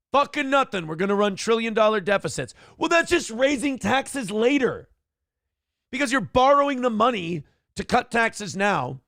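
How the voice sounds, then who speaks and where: A man's voice: sits high, vocal fry, dry recording, studio quality. A man hosting a live-streamed morning talk show, ranting profanely about politics and thanking viewers for donations. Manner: loud, profane, worked-up ranting. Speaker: livestream talk show host.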